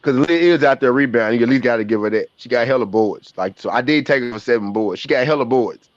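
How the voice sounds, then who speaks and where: A man's voice: medium pitch, fast talker, no echo. Southern guy hosting a game watch party stream, slangy and jokey, kinda muffled lo-fi sound. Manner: joking, trash-talking, slangy, laughs often. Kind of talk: casual live-stream commentary. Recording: dull lo-fi stream audio.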